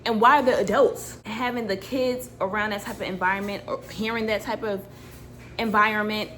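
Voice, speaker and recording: A young adult woman vlogger chatting casually as she reacts to a video, telling a story in an animated, slangy way with lots of laughing. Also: mid-range voice, normal speed, slight background noise.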